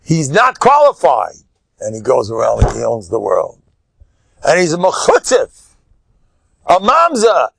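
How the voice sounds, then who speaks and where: Older rabbi with a gravelly voice. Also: male voice, mid-range voice, big pitch swings, no room sound. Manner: emphatic, with sudden loud bursts and quick asides; chatty, storytelling, chuckling. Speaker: rabbi giving a lecture. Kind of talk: animated Torah lecture.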